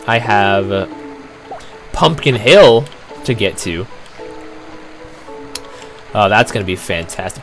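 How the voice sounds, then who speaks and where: A man's voice: on the low side, lively intonation, unhurried, long pauses, music in the background. A young Canadian man hosting a let's play, telling rambling stories in casual, laid-back commentary.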